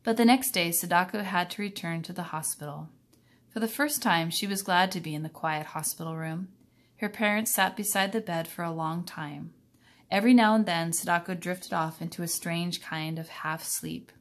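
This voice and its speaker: A woman reading a children's novel aloud in a calm, even storytelling manner. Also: fairly low pitch, moderate pace. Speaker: reader.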